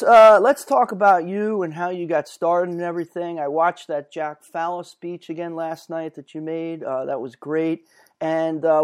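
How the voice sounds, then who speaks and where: Higher-voiced male host asking questions. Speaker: interviewer, host. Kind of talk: casual interview questions.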